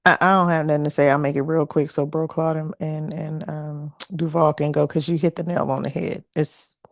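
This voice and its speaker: Low-voiced emphatic woman debater. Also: level tone, gravelly, dry recording, studio quality. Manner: emphatic, drawn-out for effect. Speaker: debate panelist. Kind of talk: casual sports debate.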